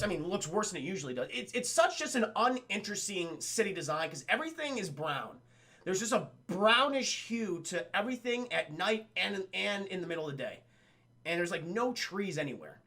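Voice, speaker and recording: A man's voice: high voice, big pitch swings, a little fast, pushed and bright. A young man doing a profane, rambling film review for his stream chat, often addressing chat directly. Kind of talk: casual spoken film review.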